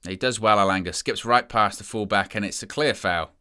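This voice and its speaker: A young man giving excitable, chatty live commentary as a fan following a football match. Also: fairly low pitch, brisk, clean tone. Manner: excitable, chatty play-by-play with asides.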